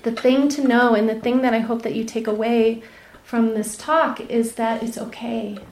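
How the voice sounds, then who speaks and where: A woman meditation teacher giving a dharma talk, telling a personal story candidly, laughing often and dropping to soft, near-whispered asides. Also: on the high side, steady tone, moderate pace, echoey room. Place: retreat center meditation hall.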